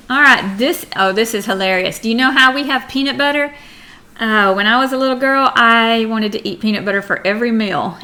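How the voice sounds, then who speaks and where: A woman with an American accent takes children through a geography lesson, reading aloud and stopping to chat. Her voice sits a little high and has a clear, bright edge. She keeps asking the kids questions as she goes. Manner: chatty, reads aloud, asks children questions. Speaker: teacher.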